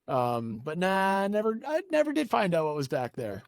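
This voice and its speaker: A man on a podcast telling a long story in a casual, animated way, acting out the people he quotes. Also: high voice, moderate pace, vocal fry, no echo, clean studio sound. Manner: animated, acts out quoted voices. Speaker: podcast guest.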